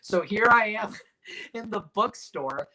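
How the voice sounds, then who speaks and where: A man's voice: sits high, lively intonation, slow, bright, forceful tone, low-quality recording. A man hosting a casual movie watch-along, telling stories with lots of laughter. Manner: chatty storyteller, laughs often. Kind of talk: casual chat.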